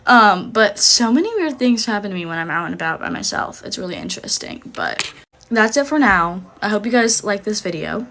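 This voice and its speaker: A woman's voice: mid-range voice, expressive, a little fast. Give me a chatty young woman telling a casual storytime, faint background hiss. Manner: chatty, fills every phrase with "like".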